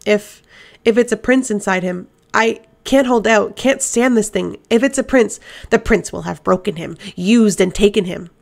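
A woman's voice: medium pitch, moderate pace, creaky, close to an everyday voice. Woman voicing a desperate possessed man. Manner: desperate, pleading, strained. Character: tormented possessed man, demon within, male.

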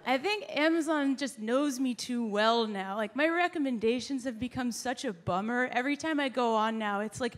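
A woman's voice: on the high side, normal speed, few pauses. A woman doing a stand-up set on a theater stage with wry, self-deprecating delivery. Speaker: stand-up comedian. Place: theater stage before a live audience.

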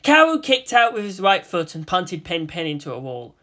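A reader narrating a fan-fiction story aloud with expressive storytelling. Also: medium pitch, moderate pace.

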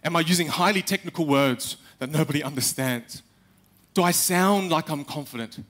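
A young man giving a live talk on stage, animated, acting out little quotes and speaking straight to the audience. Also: on the high side, moderate pace. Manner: animated, acts out quotes, addresses the audience directly.

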